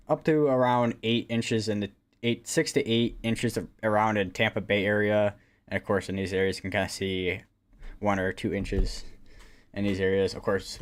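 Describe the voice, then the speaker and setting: Low-voiced man rambling through a weather stream. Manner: rambling, hesitant, many fillers and restarts. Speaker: livestream weather host. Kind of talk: casual live weather commentary.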